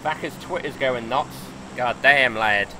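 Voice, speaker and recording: A man giving casual, excitable and sweary commentary while livestreaming a game and talking to his chat. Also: mid-range voice, unhurried, background noise. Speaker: game streamer.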